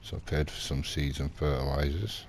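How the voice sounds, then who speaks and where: Gravelly deep-voiced man. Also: fairly even intonation, normal speed, a little hiss or hum. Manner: rambling, indignant anecdote telling with acted quotes. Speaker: gaming vlogger. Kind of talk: casual in-character gameplay storytelling.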